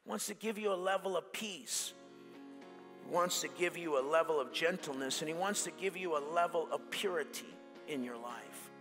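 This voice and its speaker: A male pastor preaching an animated sermon that mixes in jokes. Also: fairly high pitch, moderate pace, faint music behind. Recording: long hall reverb.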